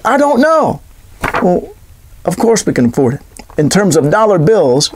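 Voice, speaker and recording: Brief: male political commentator, high voice, sarcastic and animated. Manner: sarcastic, animated, rhetorical questions.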